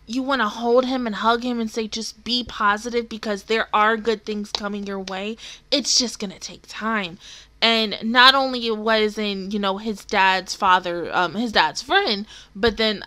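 A woman's voice: medium pitch, bright, forceful tone. A young woman hosting an anime reaction video, rambling emotionally in casual commentary, with lots of fillers and some swearing. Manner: rambling and emotional, with many fillers and curse words.

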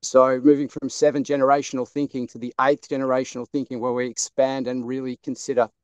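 An Australian man giving a soft, flowing blessing outdoors on a video call. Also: medium pitch, flat delivery, fast talker, smooth, no room sound. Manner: soft, flowing, repeats "beautiful". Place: outdoors under a tree.

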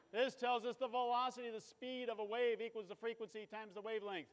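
High-voiced man presenting in an echoey hall. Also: little pitch movement, normal speed. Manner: casual explanatory, playful asides. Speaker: physics show presenter. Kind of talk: live science demonstration talk.

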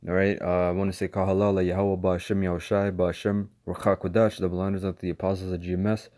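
Fast and level in tone, a deep, slightly mellow male voice belongs to a bible teacher casually going verse by verse through scripture. He's slangy and loose, says "man" in nearly every sentence, and restarts frequently.

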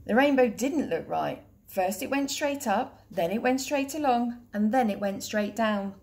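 A woman teacher reading a children's picture book aloud in a clear, steady, gentle voice. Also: on the high side, measured pace.

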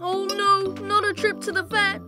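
A nervous young boy friend frets in a very high, flat voice. His worried lines play over loud cartoon music. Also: normal speed. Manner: anxious, gloomy. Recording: loud music under dialogue.

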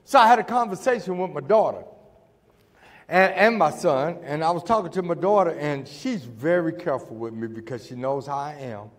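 A middle-aged man preaching a sermon, telling a story and acting out the dialogue before building to shouts. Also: a little high, animated, moderate pace. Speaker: pastor. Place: church sanctuary. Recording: church hall with long reverb.

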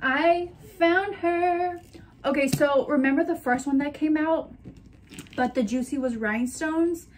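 Young woman vlogging her shopping haul, kinda high voice, chatty and gushy. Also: moderate pace, a little mellow, a little hiss or hum. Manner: gushing, chatty, talks to her purses. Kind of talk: casual chat to camera.

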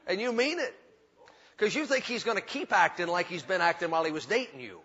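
A man's voice: high-pitched, lively intonation, brisk, bright, forceful tone, slightly rough. A male pastor, preaching a sermon in a folksy, emphatic way, with repetition and humor. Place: church sanctuary. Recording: dull hall recording with long reverb.

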